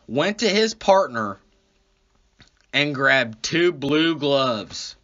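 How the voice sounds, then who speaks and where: Slow rambling man telling a story. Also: mid-range voice, lively intonation, bright, forceful tone, lo-fi sound. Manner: rambling, profane, with restarts. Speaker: comedy podcast host. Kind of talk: casual comedic storytelling.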